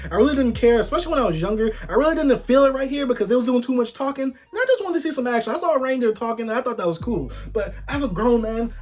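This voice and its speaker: A young adult man giving a casual, slangy review monologue, swinging between loud outbursts and hushed asides. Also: extremely high pitch, slightly rough. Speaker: manga reviewer.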